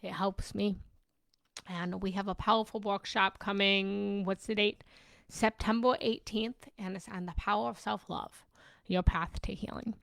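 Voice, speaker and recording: A young woman coach talks straight to her followers in a live session, passionate and openly emotional. She swears freely and drops to a whisper when she wants to stress a point. Her mid-pitched voice has a gravelly edge, heard dry and close with no room sound. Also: steady tone, a little slow, a bit bright, dry recording. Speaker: relationship and self-love coach. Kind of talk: live-streamed personal talk to followers.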